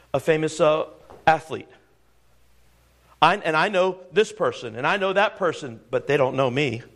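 A man's voice: on the high side, fairly bright tone. A middle-aged man preaching a sermon, quoting scripture and firing rhetorical questions at his congregation.

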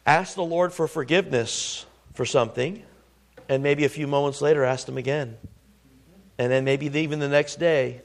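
A male pastor preaching a sermon, reading scripture aloud and speaking earnestly, often restarting his phrases. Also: fairly high pitch. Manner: earnest, with restarts and rising emphasis.

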